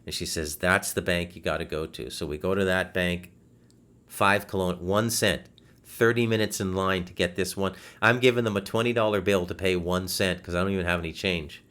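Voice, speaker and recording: Animated man telling a story on a podcast. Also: low voice, normal speed. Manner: animated, swears freely, frequent restarts. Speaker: podcast host. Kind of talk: casual storytelling. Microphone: video call setup.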